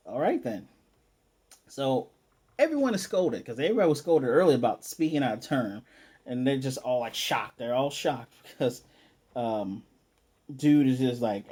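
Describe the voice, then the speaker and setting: A man casually recapping an anime episode, animated and playfully acting out the characters' lines. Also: mid-range voice, breathy edge. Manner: animated, acts out characters' lines in quick voices. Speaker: anime reviewer.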